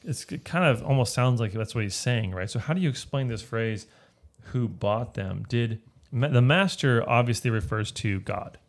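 A man's voice: mid-range voice, lively intonation, normal speed. A man leading a casual Bible study, explaining a passage step by step and often checking in with "right?". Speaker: Bible teacher.

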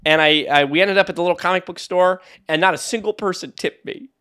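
A man's voice: high voice, fast talker, a bit bright, clear, resonant tone. A young man co-hosting a podcast, telling rambling stories in casual chat and laughing often. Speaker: podcast co-host.

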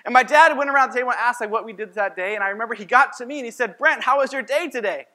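A man's voice: extremely high pitch, racing, pushed and bright. A man preaching as a pastor, telling a personal story in a conversational sermon and acting out his own lines.

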